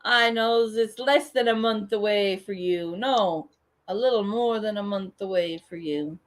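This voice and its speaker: A woman hosts a casual livestream, chatting with viewers while joking and swearing freely. Her mid-range voice moves a little slowly.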